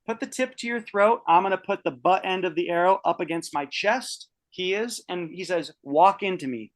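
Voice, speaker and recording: A man's voice: sits high, normal speed. A man in his early thirties telling a personal story on a podcast, casual and rambling, swearing freely with many restarts. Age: 30s. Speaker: podcast guest.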